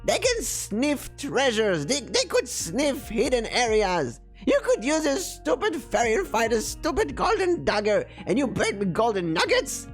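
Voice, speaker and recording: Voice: mid-range voice, huge pitch swings, measured pace, hardly any pauses, faint music behind, voice pushed up. A game master voicing a grumpy talking gem that scolds and insults the player. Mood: scolding. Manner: scolding, calls others stupid.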